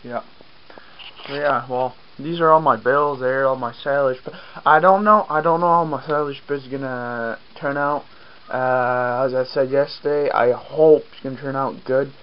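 A man's voice: mid-range voice, steady tone, moderate pace, slight background noise. Acadian French-accented male vlogger, chatty and self-deprecating, outdoors on a farm, muffled camera audio. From Acadian, New Brunswick. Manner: rambling, self-mocking, swears casually. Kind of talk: casual outdoor vlog. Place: outdoors on a farm, rainy day.

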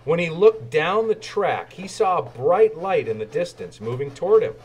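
Man, children's story reader, husky, higher voice, expressive. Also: moderate pace. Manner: expressive, animated. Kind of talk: storybook read-aloud.

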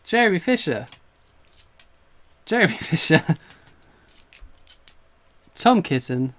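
Speaking slowly in a fairly high pitch, a man from England hosts a live stream on coin collecting. He exclaims and laughs as he goes, breathless with excitement.

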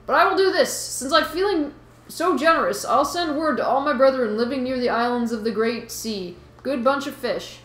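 A woman's voice: sits high, moderate pace, fairly bright tone, echoey room, faint music behind, voice pushed up. Woman doing a brash fish with Boston twang. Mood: pushy, teasing. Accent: put-on Boston. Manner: reading game dialogue aloud. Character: brash talking male fish, pushy know-it-all.

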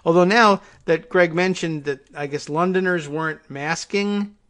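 A man's voice: a little high, measured pace, a bit bright. A man from the United States hosting a casual solo talk show, rambling and wry, full of asides and restarts. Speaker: political talk show host.

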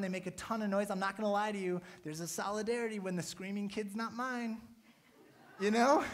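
A man in his thirties, a pastor, giving a casual, chatty sermon to his church and often checking in with "right?". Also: high-pitched. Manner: casual, chatty preaching with many "right?" tags.

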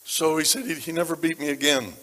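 A man preaching a sermon, telling stories about people from his congregation, dropping to a hush and then rising to loud emphasis. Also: a little high, steady tone, a little fast. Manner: dramatic shifts between hushed and loud. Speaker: pastor. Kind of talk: sermon storytelling. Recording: long reverb of a large hall.

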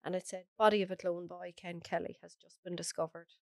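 A woman's voice: fairly low pitch, steady tone, brisk, no echo. An Irish woman, a podcast guest, earnestly recounting a personal story in close detail. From Ireland.

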